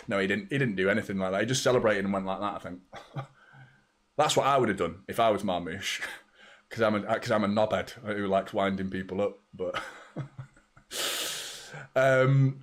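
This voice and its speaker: Excitable football watchalong streamer. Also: male voice, on the low side, moderate pace, long pauses. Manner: excitable, chatty, greets viewers by name. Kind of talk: live match watchalong chat.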